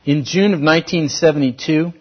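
A man preaching a sermon as pastor, swinging from loud exhortation to hushed, intimate tones. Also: on the high side, brisk, breathy edge, muffled recording.

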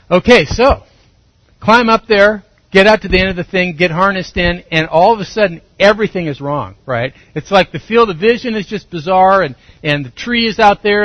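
A middle-aged man preaches a sermon, his voice sitting a little high as he acts out voices and stories. The recording is dry and slightly muffled, with little room sound. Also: no room sound. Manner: animated storytelling, acts out voices and shouts. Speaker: pastor.

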